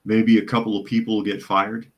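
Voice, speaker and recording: A man's voice: on the low side, level tone, normal speed, dull audio. A man hosting a live news podcast, reading out reports and chat comments and answering them with sardonic remarks. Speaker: podcast host.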